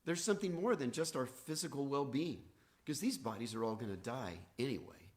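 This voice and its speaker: A man's voice: medium pitch, lively intonation, fairly quick. A man preaching a sermon as pastor, earnest, with rising and falling emphasis. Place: church, livestreamed.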